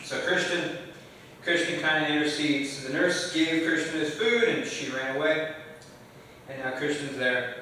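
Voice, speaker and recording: A man's voice: on the high side, unhurried, sharp tone, slight background noise. A man lecturing on a film script to a class, chatty and joking with students. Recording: echoey hall, far from mic.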